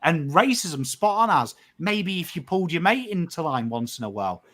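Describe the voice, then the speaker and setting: Emotive Australian man, slightly high voice. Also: sing-song, normal speed, fairly bright tone. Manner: emotive, emphatic, swears freely; acts out quotes of mates in conversation. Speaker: podcast co-host. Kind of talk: casual podcast chat.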